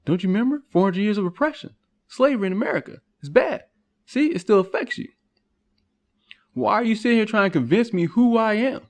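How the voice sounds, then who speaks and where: A man's voice: high voice, a little fast, a little mellow, pitched above the performer's own voice. A man voicing a pushy man who insistently scolds someone about who he is. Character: pushy man lecturing someone on his identity.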